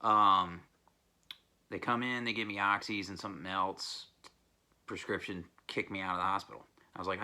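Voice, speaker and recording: A man's voice: deep voice, steady tone, moderate pace, pushed and bright. A man in a casual vlog, telling a blunt, profane story while recovering from an illness. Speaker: record collecting vlogger.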